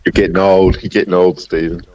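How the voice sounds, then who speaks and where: A man's voice: low-pitched, level tone, fairly quick, darkish tone, highs cut off. A man joining a livestream chat, blunt and crude as he jokes around. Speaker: livestream guest. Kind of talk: casual group chat.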